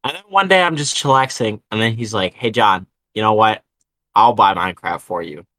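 Young guy on a podcast, bright voice, swears a lot, just rambling. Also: on the low side, normal speed, no room sound. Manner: rambling storyteller, swears freely. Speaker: podcast co-host. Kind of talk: casual chat.

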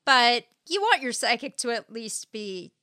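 Woman co-host, casual banter, bright higher voice, dry close mic. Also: big pitch swings, unhurried, no echo. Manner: chatty, laughs often, playful. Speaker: podcast co-host. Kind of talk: casual chat.

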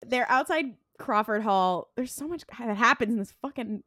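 A woman's voice: on the high side, expressive, pushed and bright, no echo. Woman podcaster retelling an episode, quotes lines in little voices, dry close mic. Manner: retells scenes with quick bits of quoted dialogue, frequent ums and laughs. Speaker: podcast co-host. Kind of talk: casual recap chat.

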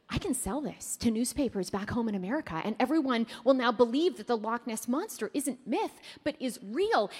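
A woman from Canada delivers a keynote to a live crowd, talking fast and tossing questions at the audience. Her voice sits high and swings widely in pitch. The sound carries a long reverb from a large hall. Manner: fast-talking, quizzes the audience, playful asides. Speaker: keynote speaker.

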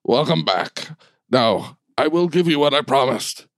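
A man puts on a giant cigar-smoking bulldog boss, smug and overly polite, for a tabletop game. The voice swings lively up and down and sounds close and dry. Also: a little high, measured pace, no room sound, pitched above the performer's own voice.

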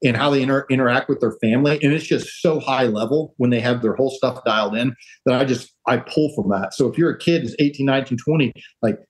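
A man's voice: mid-range voice, fast, poor audio. A man talking as a podcast guest, earnest and rambling, restarting sentences and acting out quoted voices as he gives advice. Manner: acts out quoted voices of others. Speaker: podcast guest, real estate entrepreneur. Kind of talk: casual interview talk.

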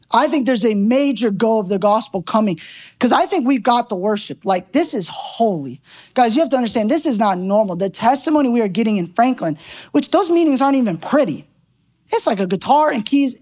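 A woman preacher giving a sermon in a church, telling a story in an animated, conversational way with bursts of laughter. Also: a little high. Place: church sanctuary.

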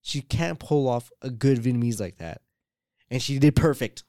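A man chatting casually, his stories wandering through fillers and quoted asides. His voice is smooth and clear, recorded close and dry. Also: medium pitch, normal speed, warm tone, dry recording. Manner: rambling storytelling, full of "like" and quoted asides. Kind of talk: casual chat.

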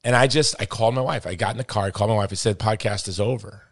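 A man's voice: lowish voice, rapid-fire, gravelly, no echo, studio quality. A middle-aged man hosting a podcast, telling a story in casual chat and acting out the voices of the people he quotes. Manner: animated, acts out quoted voices, says dude and brother. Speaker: podcast host.

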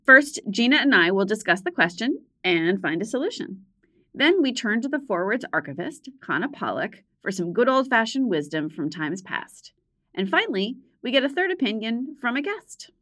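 A woman's voice: on the high side, big pitch swings, moderate pace, sharp tone. A woman co-hosting an advice podcast, reflective and asking probing questions in a casual way. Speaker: podcast co-host.

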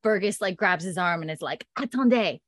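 A woman's voice: fairly low pitch, a little fast, fairly bright tone, dry recording, clean studio sound. A woman casually recapping a story as podcast host, chatty and full of fillers, laughing often.

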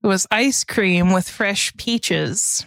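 A woman co-hosting a podcast tells a story at an unhurried, drawn-out pace, breaking into giggles and dropping the odd swear word. Her voice is recorded close and dry, with no room sound around it. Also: mid-range voice, creaky, a bit bright, no echo. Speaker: podcast co-host. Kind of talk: casual chat, storytelling.

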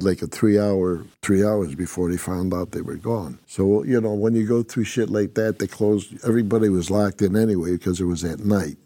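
A former prison inmate, an older man from upstate New York, tells his story bluntly and in a rambling way, cursing constantly. His voice is low, dark and husky, with vocal fry.

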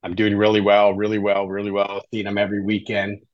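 A man's voice: lowish voice, completely flat delivery, fairly quick, highs cut off. A middle-aged man, a podcast guest, tells his story in a casual, conversational way and often ends sentences with "right?". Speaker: podcast guest, life coach in recovery.

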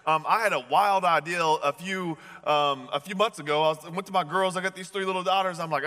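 A man delivers a sermon in a relaxed, storytelling manner. His voice sits a little high and sounds bright and forceful. The sound carries the long reverb of a large church hall. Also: brisk, few pauses. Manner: casual, storytelling, chatty with slang. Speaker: pastor.

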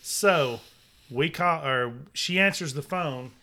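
A man's voice: fairly high pitch, slow pace, sharp tone. A man with a Southern US accent co-hosting a casual talk show, folksy and chiming in to finish his partner's sentences. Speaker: podcast co-host. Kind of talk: casual storytelling chat.

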